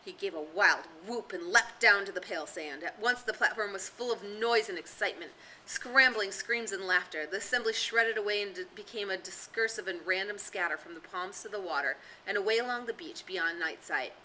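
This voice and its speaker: A woman tutor reading a novel aloud with steady, expressive storytelling. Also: mid-range voice, fairly quick, a little hiss or hum. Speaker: reader and tutor.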